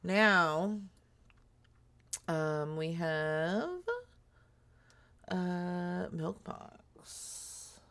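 A woman's voice: fairly low pitch, steady tone, very slow, pauses often, a bit bright, smooth. A woman hosting a show of prank calls, introducing clips in a laid-back way. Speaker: radio show host.

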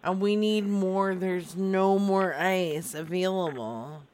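A woman co-hosting a radio show, making a prank call and joking in a drawling, sassy, deadpan way. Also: on the low side, slow. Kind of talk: prank call and casual studio banter.

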